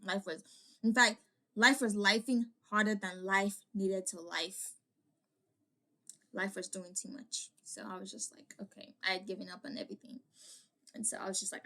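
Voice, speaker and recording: A woman's voice: mid-range voice, sharp tone. A young woman vlogger telling a personal story in a casual, rambling way, full of "like" fillers and restarts.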